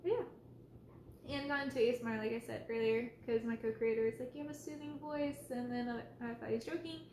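A soft-spoken woman hosting a casual livestream Q&A as an ASMR creator, reading out viewers' names and questions and now and then scolding her cat. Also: on the high side, steady tone, quick pace, roomy sound, a little hiss or hum.

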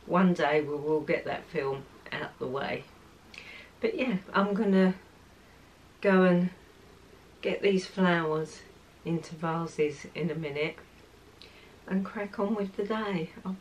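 A woman in her sixties chatting casually on her lifestyle vlog, soft-spoken and heartfelt. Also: on the low side, slight background noise, rough recording. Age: 60s. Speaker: lifestyle vlogger.

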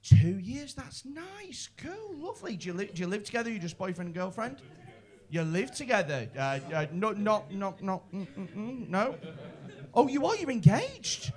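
A stand-up comedian with a Liverpool accent doing crowd work, brash, sweary and teasing. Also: male voice, high-pitched, very animated, moderate pace, a little mellow. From Liverpool, England.

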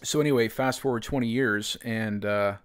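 An American podcast host with a clean, medium-pitched voice at normal speed tells a personal story. He rambles casually, packing his talk with fillers, especially "you know" and "man."

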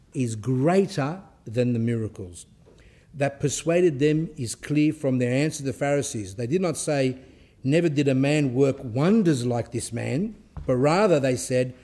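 Mellow-voiced man giving a scripture talk. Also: mid-range voice. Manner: reads a passage aloud, then pauses to explain it in plain words; halting and conversational, with restarts. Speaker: Orthodox speaker giving a talk. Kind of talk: sermon talk with scripture reading and commentary.

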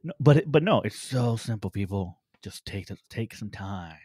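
A man's voice: on the low side, lively intonation, normal speed, darkish tone, husky, no echo, studio quality. A man co-hosting a podcast, playful and rambling with many fillers. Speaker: podcast co-host. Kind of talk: casual chat.

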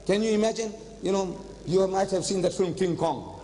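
An older man giving an animated religious lecture, telling stories and slipping in phrases. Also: sits high, normal speed, noisy background. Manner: animated storytelling, switching into Hindi-Urdu phrases. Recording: long hall reverb.

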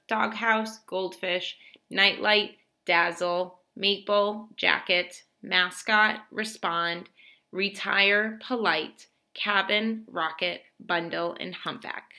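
A woman teacher giving a slow, clearly spoken lesson to young children, praising them often. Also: mid-range voice, pushed and bright.

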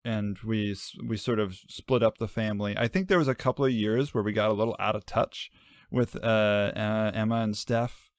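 A man co-hosts a casual podcast with a fairly low voice. He rambles through stories and makes self-mocking jokes. The sound is dry and close. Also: fairly even intonation, normal speed, dry recording. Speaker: podcast co-host. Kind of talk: casual chat.

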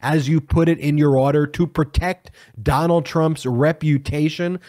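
A man's voice: on the high side, fairly even intonation, a little slow, warm tone. A man hosting a political commentary show, angry and emphatic, stretching out his stressed words.

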